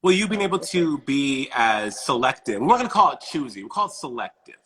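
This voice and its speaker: A man hosting an interview, gushing with enthusiasm and stumbling over repeated words, with a husky voice. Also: mid-range voice, sing-song, brisk, crowd noise, low-quality recording. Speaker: interview host. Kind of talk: casual interview chat.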